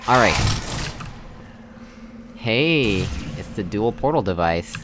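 A man's voice: lowish voice, lively intonation, slow pace, background noise. A young man from Texas casually commenting as he plays a puzzle game, thinking aloud and poking fun at himself. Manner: musing aloud, self-deprecating, chuckling. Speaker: gamer playing a puzzle game. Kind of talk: casual let's-play commentary.

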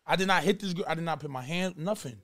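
Man, from New Jersey, guest, emphatic, repeats points, high-pitched, quick. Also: sharp tone. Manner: emphatic, repeats himself, talks fast. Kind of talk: casual chat.

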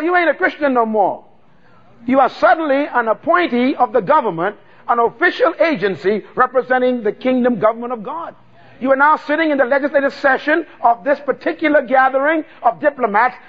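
A man preaches with a very high-pitched voice, stretching out words for weight and leading the crowd in call-and-response. The recording sounds dull and lo-fi. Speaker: pastor. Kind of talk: sermon.

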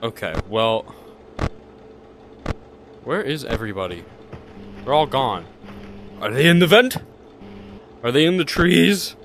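Animated young man, jumpy game chatter. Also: medium pitch, normal speed, long pauses, a little hiss or hum. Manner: jokey, talks to the game characters, jumpy yelps. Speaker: gamer playing a VR horror game. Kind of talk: casual let's-play commentary. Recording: music playing behind the voice.

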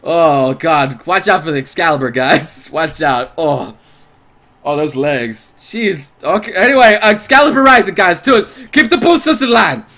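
A man streaming a visual novel, reading its narration aloud and reacting in an excitable, jokey way. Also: a little high, a little slow. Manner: excitable, jokey, breaks into laughter.

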